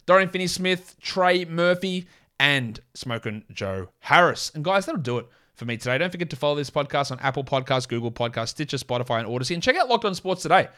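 A man with an Australian accent hosting a solo fantasy basketball podcast, rattling off player lists and quickly correcting himself. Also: fairly high pitch, expressive, a bit bright. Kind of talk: casual solo podcast talk.

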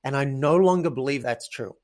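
A man's voice: mid-range voice, brisk, darkish tone. A man, a podcast guest who tells stories animatedly and acts out his own quoted thoughts. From Australia. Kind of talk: casual interview chat.

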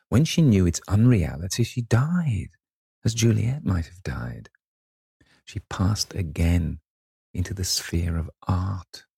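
A man with a low, husky, gravelly voice reading as a vain, callous young gentleman, languid and mocking in a storybook reading. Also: no echo, clean studio sound, full character voice. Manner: languid and mocking, with airy flourishes.

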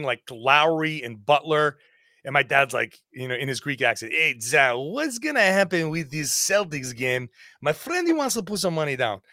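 A man's voice: mid-range voice, pushed and bright, no room sound, clean studio sound. A man hosting a sports podcast, chatting casually and self-deprecatingly, slipping into an ad read. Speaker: podcast host.

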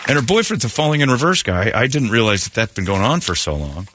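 An American man hosting a morning radio show, rambling and joking with quick asides into a studio microphone. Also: medium pitch, very animated, a crowd in the background, noisy background.

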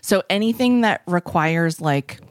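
A woman's voice: fairly low pitch, lively intonation, unhurried, no echo, clean studio sound. A woman in her forties in casual conversation, telling a story with lots of "like" fillers and acted-out quotes. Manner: chatty, many "like" fillers, acts out quoted speech.

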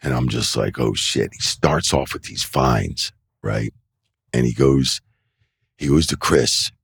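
A man's voice: a bass voice, slow pace, vocal fry, breathy edge, dry recording, clean studio sound. A middle-aged man, a wrestling referee, telling loose anecdotes in a casual interview and filling them with "you know" and "like.". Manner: animated anecdotes, acts out quoted voices. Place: indoor interview set.

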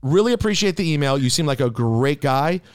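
A man co-hosting a casual wrestling podcast, excitable and quick to rise in pitch when he argues. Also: smooth, no echo, clean studio sound. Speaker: podcast co-host.

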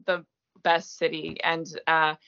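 A woman's voice: deep voice, completely flat delivery, slow, gravelly, sharp tone, clean tone. A woman in her thirties from Quebec whose first language is French, chatting as an interview guest in a self-deprecating way with many fillers. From Gaspé, Quebec, Canada. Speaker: guest actress. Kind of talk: casual interview chat. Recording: muffled lo-fi audio.

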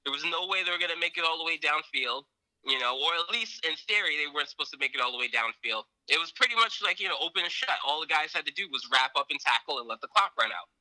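Bright-voiced man rambling about football. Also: fairly high pitch, fast, no room sound, rough recording. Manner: rambling, animated retelling with many fillers. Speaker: sports podcast co-host. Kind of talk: casual sports chat.

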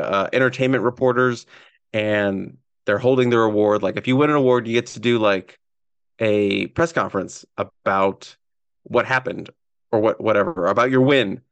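Hoarse male host, mid pitch, excitable and rambling, dry sound. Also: no echo. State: hoarse, strained voice. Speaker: podcast host. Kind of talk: casual sports podcast chat.

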